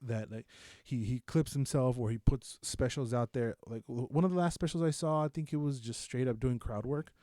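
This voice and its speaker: A man's voice: mid-range voice, normal speed, hardly any pauses, mellow, dry recording, studio quality. A man co-hosting a casual podcast, talking through what he watched in a rambling, profane, self-mocking way. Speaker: podcast co-host. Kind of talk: casual chat reviewing shows.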